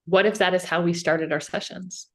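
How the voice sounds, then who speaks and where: A woman's voice: fairly low pitch, steady tone, normal speed, a bit bright. A woman guest on a podcast, explaining ideas in a casual, earnest way and often checking in with "right?".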